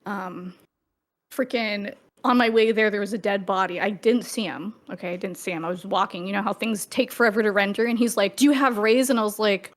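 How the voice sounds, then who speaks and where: A woman co-hosting a gaming podcast, telling stories in an animated way and swearing freely in casual chat. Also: mid-range voice, brisk. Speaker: podcast co-host.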